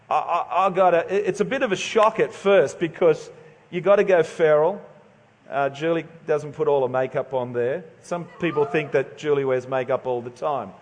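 A man's voice: a little high, long reverb tail. A middle-aged Australian man preaching a sermon in a casual, joking, conversational way, stumbling over his words now and then. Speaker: pastor.

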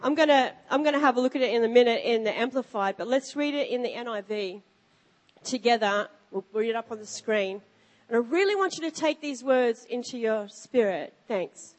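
A woman's voice: a little high, animated, fairly quick. A middle-aged woman preaching a sermon to a live congregation, telling a story with emphatic animation before reading scripture aloud. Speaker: pastor. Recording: reverberant hall with faint music.

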